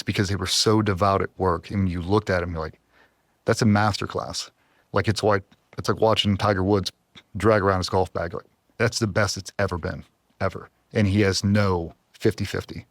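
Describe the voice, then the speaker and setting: A former Navy SEAL in his forties, appearing as a podcast guest, tells hard stories with raw emotion, earnest and heavy, fighting back tears. His low voice has little pitch movement and a brisk pace, recorded dry and close on a studio mic with no echo.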